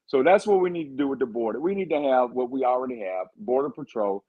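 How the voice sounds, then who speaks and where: Guy running for governor, husky voice, fired up and rambling, kinda dull lo-fi sound. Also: mid-range voice, animated, quick pace, hardly any pauses. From Texas. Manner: fired-up, rambling campaign talk. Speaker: candidate for governor, guest. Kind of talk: podcast interview.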